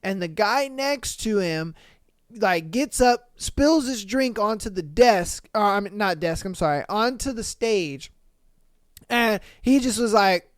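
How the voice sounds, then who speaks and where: A podcast host reading listener comments aloud in a casual, animated, slangy way, laughing and swearing often. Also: mid-range voice, measured pace, no room sound, studio quality.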